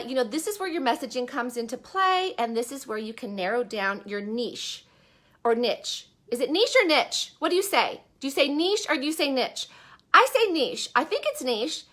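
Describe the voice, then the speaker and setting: A woman's voice: high voice, a bit bright. A woman giving a chatty, upbeat live-stream talk as an online business coach. She speaks from a bedroom in her house and often puts questions to her viewers.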